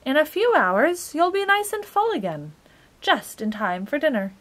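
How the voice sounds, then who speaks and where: A woman's voice: sits high, very animated, moderate pace, a bit bright, voice pushed up. A woman voicing a cheerful many-faced male dodecahedron who lectures chirpily. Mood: lecturing.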